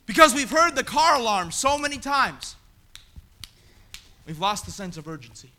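Guy preaching in church, really high voice, super bright, shouts then goes quiet. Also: moderate pace, pauses often. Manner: animated, swings between shouting and quiet asides. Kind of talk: sermon. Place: church sanctuary.

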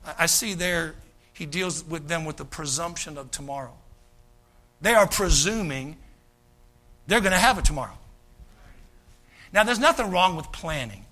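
Man preaching, high bright voice, folksy and animated, acts out voices. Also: normal speed, long pauses, faint music behind. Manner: animated, folksy, acts out quoted voices, many repeated starts. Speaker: pastor. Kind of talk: sermon.

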